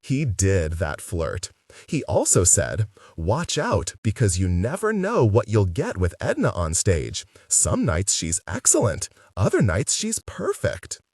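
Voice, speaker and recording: Man doing eccentric middle-aged theater lady, breezy and bossy, lively swooping voice, husky, dry distant mic. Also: on the low side, slow, no echo, full character voice. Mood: gossipy. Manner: breezy, commanding, evasive.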